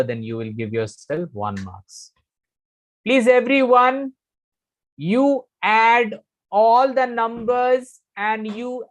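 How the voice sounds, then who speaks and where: A middle-aged communication trainer with an Indian English accent runs a live online class, his voice sitting high. He repeats his key phrases and sometimes slips into Hindi.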